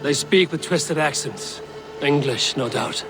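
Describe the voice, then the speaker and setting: A man's voice: on the high side, measured pace, natural voice. An actor playing a thoughtful, wry Viking crewman in a video game.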